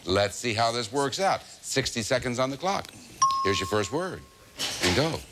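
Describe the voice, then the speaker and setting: A man hosting a TV game show, brisk and jokey, chuckling as he moves things along. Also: mid-range voice, big pitch swings, a bit bright, a little hiss or hum. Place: TV studio with live audience. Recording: old TV broadcast with audience and music.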